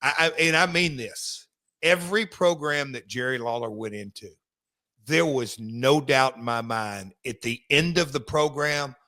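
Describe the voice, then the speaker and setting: A man co-hosting a podcast, telling a story casually with halting restarts. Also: medium pitch, sharp tone, dry recording. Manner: rambling, halting with fillers and restarts. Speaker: podcast co-host, former wrestler.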